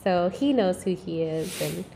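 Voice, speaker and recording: A young woman telling a candid story on a casual podcast, animated and swearing freely with frequent laughs. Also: lowish voice, unhurried, creaky, slight background noise. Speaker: podcast guest.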